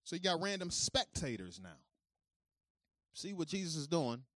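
A man preaching a sermon who moves between calm teaching and loud, high-pitched preaching, talking informally straight to his congregation. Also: moderate pace, dry recording, clean studio sound. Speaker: pastor.

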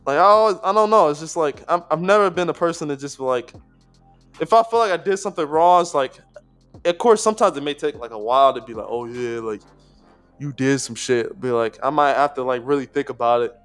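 A man with a fairly high voice talks through a casual podcast conversation. He rambles, stacks fillers and restarts, and swears freely. Faint music sits under his voice. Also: quick pace, a bit bright, clear, resonant tone. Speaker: podcast co-host.

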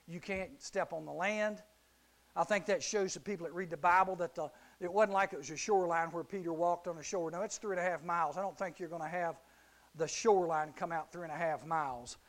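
Lively high-voiced man preaching to youth. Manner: animated storytelling, acts out Bible characters. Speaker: youth speaker. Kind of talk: youth sermon.

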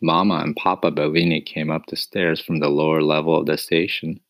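Deep, gravelly storybook narrator. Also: male voice, little pitch movement, a little fast, a bit bright, no room sound. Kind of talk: storybook reading.

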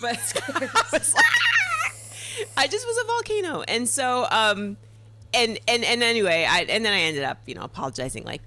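A woman in her thirties, a podcast guest, telling a story in casual chat with animated, laughing delivery. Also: on the high side, moderate pace.

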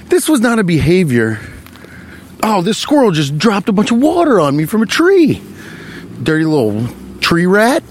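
Lively, rambling young man telling a story. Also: sits high, moderate pace, a little hiss or hum. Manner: rambling, crude, jokey. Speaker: vlogger. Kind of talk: casual comedic storytelling while walking. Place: outdoors, walking on a street.

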